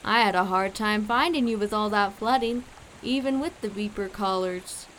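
A woman voicing a kindly male hunter who owns hunting dogs, speaking low and calm in a storybook reading. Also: moderate pace, a little hiss or hum, lightly acted, rough recording. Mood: soothing. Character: gruff kindly male hunter, dog owner.

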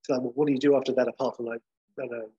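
A man's voice: mid-range voice, flat delivery, rapid-fire, warm tone, slightly rough. A man co-hosting a podcast, chatting casually and with enthusiasm, full of fillers. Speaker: podcast co-host. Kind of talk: casual chat. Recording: muffled lo-fi audio.

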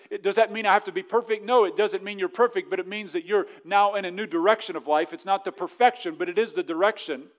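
A male pastor preaching a sermon fervently, dropping to a hush and then rising to emphatic points. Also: high-pitched. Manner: mocking voices of others in quick asides.

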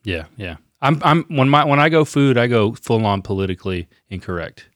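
A man's voice: medium pitch, expressive, no room sound. Teasing man, dry close sound. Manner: playful, teasing, talks in quick bursts. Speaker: podcast co-host. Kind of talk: casual chat.

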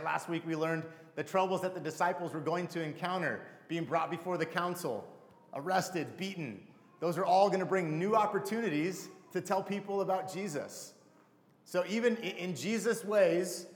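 Man preaching a sermon in an echoey hall. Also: a little high. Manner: conversational, asks the congregation questions. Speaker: pastor. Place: church sanctuary.

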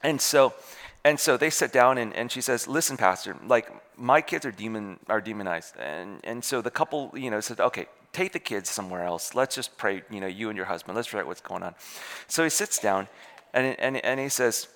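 A man's voice: fairly low pitch, brisk. A man telling a story in a sermon, acting out the voices of the people in it. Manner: animated, acts out voices in his stories. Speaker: preacher. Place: church hall. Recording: long hall reverb.

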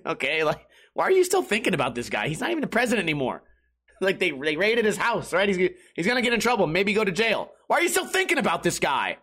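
A man's voice: high-pitched, huge pitch swings, fast talker, bright, forceful tone, breathy edge. A young man hosting a casual solo podcast, rambling and swearing, laughing at his own bad luck. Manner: rambling, profane, self-mocking, laughs often. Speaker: podcast host.

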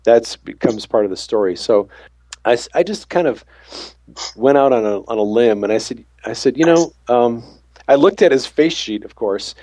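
Here an ambulance crewman shares a storytelling testimony about faith, voicing the people involved. He has a medium-pitched, mellow, expressive voice at a moderate pace, captured in a dry recording.

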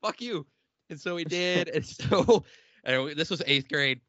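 A man's voice: a little high, animated, measured pace, sharp tone, no echo, highs cut off. A young man from Illinois hosting an uncensored podcast, telling stories with lots of swearing and laughter. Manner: profane, laughing storyteller. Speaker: podcast host. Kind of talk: uncensored casual chat.

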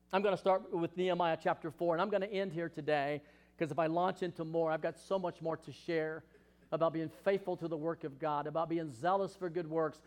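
A male pastor in full sermon, his voice sitting a little high for a man. He preaches with passion, moving between ringing emphatic questions and quiet, close asides. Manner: impassioned preaching, swinging from loud questions to hushed asides.

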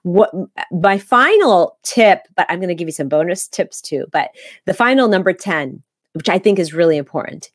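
Woman podcast co-host, lowish voice, dry close sound, chatty and a bit halting with her tips. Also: lively intonation, dry recording. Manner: chatty advice-giving, frequent ums and restarts. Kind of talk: casual podcast chat.

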